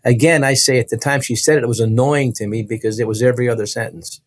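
A man's voice: medium pitch, fast, no echo. Male guest storyteller, emphatic, repeats himself, dry close sound. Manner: animated, emphatic, repeats phrases. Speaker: interview guest. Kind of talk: personal storytelling.

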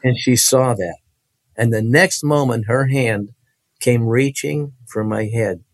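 A man's voice: medium pitch, slow, dry recording. A man telling his personal faith testimony in conversation, earnest and vivid, with frequent restarts.

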